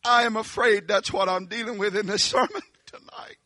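A man preacher delivering a dramatic sermon that swings from hushed tones to shouts. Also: high-pitched, fairly even intonation, moderate pace, no echo.

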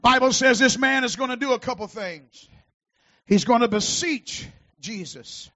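A man preaching a sermon as pastor, shouting out his lines with rising fervor and dropping low between peaks. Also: unhurried, highs cut off.

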